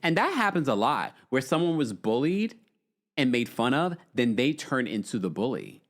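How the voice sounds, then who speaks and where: Sassy new guy hosting a live stream, reads chat comments, voice jumps all over. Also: normal speed. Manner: animated, sassy, swooping pitch. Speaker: host.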